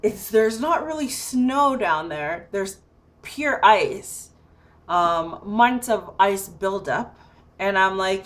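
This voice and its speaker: A woman's voice: mid-range voice, slow pace. A woman telling a casual story to her camera, full of "like" and "you know", acting out her own lines as she goes. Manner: animated, filler-heavy, acts out her own lines. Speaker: vlogger.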